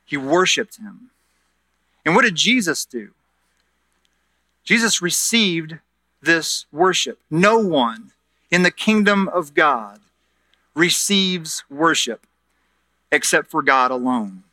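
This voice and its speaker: Male pastor, sermon delivery, earnest and forceful, dry studio-close voice. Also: fairly high pitch, lively intonation, slow pace, pauses often, dry recording. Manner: earnest, repeats words while explaining. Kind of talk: sermon with scripture reading.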